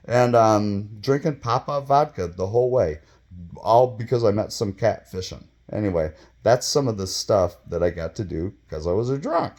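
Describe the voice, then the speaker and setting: Deep-voiced man in his fifties rambling. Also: moderate pace. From Michigan, US. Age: 50s. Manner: rambling, profane, with many fillers and bursts of excitement. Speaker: vlogger telling his own stories. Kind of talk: casual storytelling monologue.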